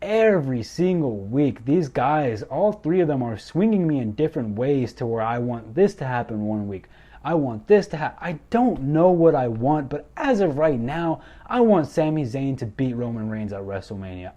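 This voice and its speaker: A young man excitedly recapping a wrestling show, gushing and repeating himself as he goes. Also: medium pitch, moderate pace. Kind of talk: enthusiastic recap commentary.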